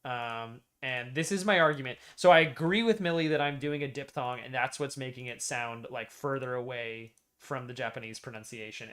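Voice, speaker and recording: A man's voice: medium pitch, fairly bright tone. An American man streaming, casually arguing and explaining vowel pronunciations with repeated demonstrations.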